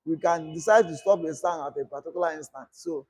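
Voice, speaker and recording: A man's voice: on the high side, fairly quick, a little mellow, a little hiss or hum. A man teaching a screen-recorded coding lesson, often asking a question and answering it himself. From Nigeria. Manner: repetitive call-and-response teaching, asks "what?" and answers himself. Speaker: coding instructor.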